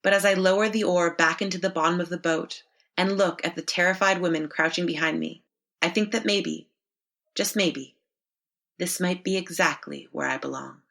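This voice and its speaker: A woman reading a horror story in the first person, measured and expressive. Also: on the low side, gravelly. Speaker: story narrator. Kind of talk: scripted first-person narration.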